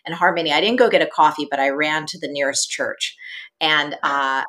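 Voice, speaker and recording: A woman guest on an interview show, telling her story in a lively, animated way. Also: low voice, fairly quick. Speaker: guest, entrepreneur and business coach.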